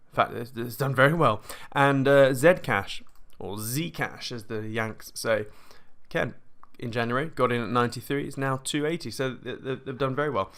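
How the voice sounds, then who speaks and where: A British man runs a casual live screen-share tutorial on crypto trading, chatting and rambling, often correcting himself mid-sentence and clearing his throat. His mid-range voice is a bit bright, at normal speed with few pauses.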